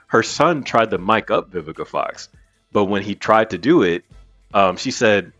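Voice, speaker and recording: A man hosting a podcast, telling a story in an animated, casual way and swearing freely. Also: lowish voice, normal speed. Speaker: podcast host. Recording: muffled with faint music.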